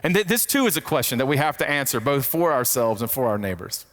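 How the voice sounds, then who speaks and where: A man's voice: mid-range voice, sing-song, fast, a bit bright. A man giving a teaching talk on faith and work, repeating key phrases for emphasis and often restarting his sentences.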